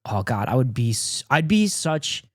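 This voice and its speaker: A man's voice: mid-range voice, sing-song, normal speed, no room sound, clean studio sound. A man streaming from home, reacting to videos in casual chat, swearing freely and telling stories. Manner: profane, riffing and storytelling.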